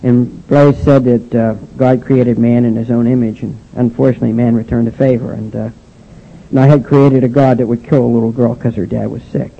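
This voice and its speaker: Older man, gravelly, mid-pitched, halting testimony speaker, dull lo-fi recording. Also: level tone, mellow. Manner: halting, with frequent "and, uh" restarts. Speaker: speaker sharing his recovery story. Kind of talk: personal testimony speech.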